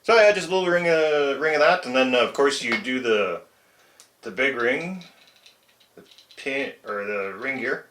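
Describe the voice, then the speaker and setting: A man's voice: mid-range voice, lively intonation, a little slow, long pauses, fairly bright tone, reverberant, slight background noise. A man hosting a casual hobby repair vlog, chatty and self-mocking, chuckling at his own mistakes while he works. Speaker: RC truck hobbyist channel host. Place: home shed workshop.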